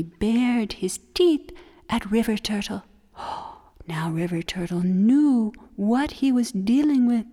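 A woman storyteller telling a folk tale for children, expressive, slipping into breathy whispers. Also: on the high side, slow. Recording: long hall reverb.

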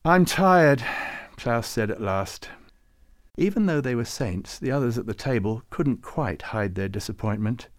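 A man reading a story aloud as narrator in a gentle, expressive way. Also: on the low side, normal speed.

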